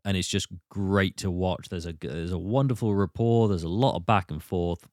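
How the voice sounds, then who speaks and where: A man from Britain hosting a casual film podcast, retelling scenes with animated swings and quick put-on voices. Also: deep voice, no echo, studio quality. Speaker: podcast host.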